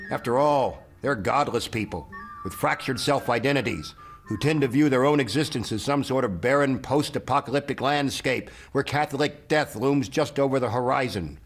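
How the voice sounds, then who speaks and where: Sardonic, deadpan male narrator. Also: mid-range voice, low-quality recording. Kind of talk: satirical film history narration. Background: film score music.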